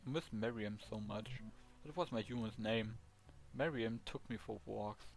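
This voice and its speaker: A man's voice: on the low side, normal speed, vocal fry. A man with a German accent reading the lines of a cheerful, eager male ghost dog in a video game. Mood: earnest. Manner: earnest, eager, simple phrasing.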